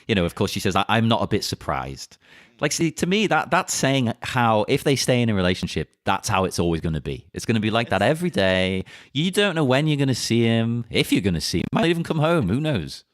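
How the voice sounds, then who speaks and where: A man co-hosting a casual film podcast, animated and laughing often. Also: medium pitch, a little fast, no echo, clean studio sound. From United Kingdom. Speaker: podcast co-host.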